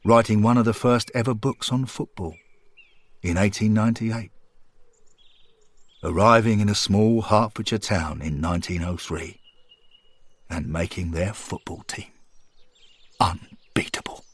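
A man narrating a scripted story in a calm, measured, earnest way. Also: fairly low pitch, husky, no room sound. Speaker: podcast storyteller.

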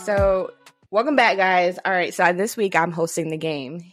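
A woman's voice: lowish voice, moderate pace, loud music behind the voice. A woman in her thirties hosting a podcast in casual chat, loose and chatty, often laughing. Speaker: podcast host.

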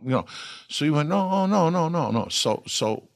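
An older man, an actor telling lively anecdotes in an interview and acting out the lines he quotes. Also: fairly high pitch, moderate pace, gravelly, no echo, studio quality. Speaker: actor guest. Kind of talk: storytelling interview.

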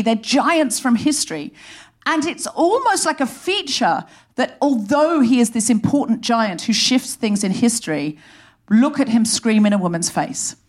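Brief: female comedy host, animated and sardonic, live stage monologue, somewhat high voice. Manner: animated, sardonic, rapid comic storytelling. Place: live theatre stage before an audience.

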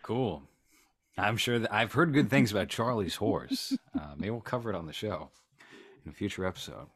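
Man, very low pitch, podcast co-host, casual film chat, joking, dry close sound. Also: lively intonation, normal speed, a bit bright, breathy edge, no echo. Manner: rambling, joking, self-deprecating.

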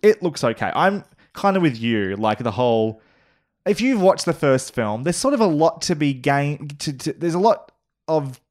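A man co-hosting a podcast, chatting casually in a rambling, animated way with lots of fillers and restarts. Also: on the high side, moderate pace. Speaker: podcast co-host.

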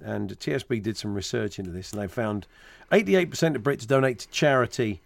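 A man's voice: lowish voice, a little fast, vocal fry, no echo. A man co-hosting a sports radio show, bantering jokily and teasing his co-host. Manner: jokey, teasing, chatty. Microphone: studio microphone.

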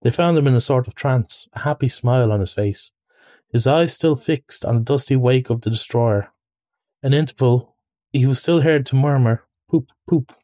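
A man reading a children's classic aloud in measured storybook narration, with a few small restarts. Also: medium pitch, warm tone, no room sound. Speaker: reader.

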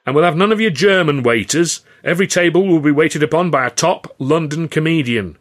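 A man voicing a grand, boastful older impresario who makes showy, booming proclamations. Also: a little fast, lightly acted. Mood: grandiose.

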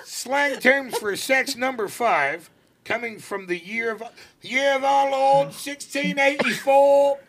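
A man's voice: extremely high pitch, slow, noisy background. A man hosting a casual studio chat, reading old slang terms aloud with playful mock-formal delivery and frequent laughter. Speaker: show host reading a list.

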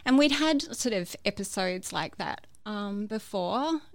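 A woman's voice: medium pitch, lively intonation, measured pace, vocal fry, no echo. A woman telling her personal story as a guest, hesitant, with many fillers and restarts. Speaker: podcast guest.

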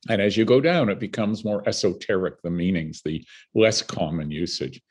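Deep and slightly rough, the voice belongs to an older Canadian man speaking at normal speed. As a guest, he tells vivid stories animatedly and laughs between anecdotes.

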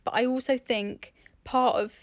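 A woman's voice: on the high side, steady tone, measured pace, dry recording, studio quality. A woman co-hosting a casual podcast chat, candid and swearing freely as she talks through her feelings. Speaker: podcast co-host.

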